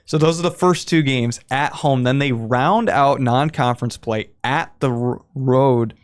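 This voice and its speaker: A man hosting a sports podcast, briskly walking through a schedule and steering the talk. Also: medium pitch, clean tone. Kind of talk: scripted schedule rundown.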